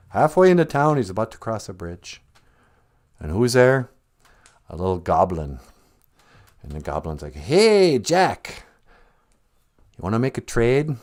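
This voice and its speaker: A man's voice: fairly low pitch, a little mellow. A man hosting a podcast livestream, telling a folk tale in a jokey, folksy, casual way and laughing often. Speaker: podcast host and storyteller.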